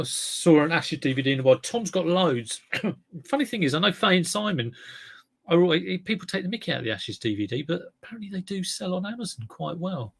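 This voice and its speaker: A man's voice: a little high, gravelly, fairly bright tone, breathy edge. A man hosting a casual livestream, reading chat comments and rambling with lots of restarts and fillers. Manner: rambling, self-correcting, chatty.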